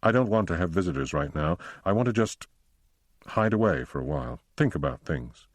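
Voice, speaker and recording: A tearful young wife mourning a lost child, as a male narrator reads her lines in a soft, hushed voice. The tone sits deep and low, and the recording is dry and close with no room sound. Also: expressive, fairly quick, no echo. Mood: grieving.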